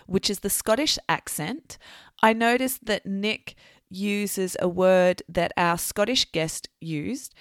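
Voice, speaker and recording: A woman hosting a podcast, explaining words in a clear, teacherly way before an interview. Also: medium pitch, dry recording, clean studio sound. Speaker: podcast host. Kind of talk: podcast intro and vocabulary lesson.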